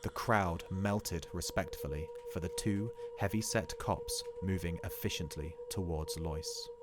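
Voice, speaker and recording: Slow, dramatic male story narrator. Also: low-pitched, heavy background noise. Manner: measured, dramatic reading. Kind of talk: audiobook reading of a short story.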